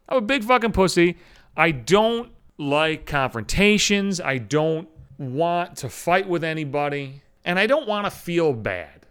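Fast, animated ranting man. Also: a little high, smooth. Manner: fast, animated, heavy swearing, mocking voices in quotes. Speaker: podcast host. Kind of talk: profane solo rant.

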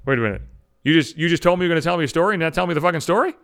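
Fast, animated ranting man. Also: fairly high pitch, smooth. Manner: fast, animated, heavy swearing, mocking voices in quotes. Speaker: podcast host. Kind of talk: profane solo rant.

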